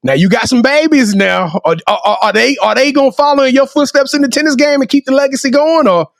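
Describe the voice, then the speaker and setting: A man hosting an interview, playful and lively, with slang like "y'all". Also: very high voice, quick pace, gravelly, dry recording, clean studio sound. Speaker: interview host. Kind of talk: casual interview chat.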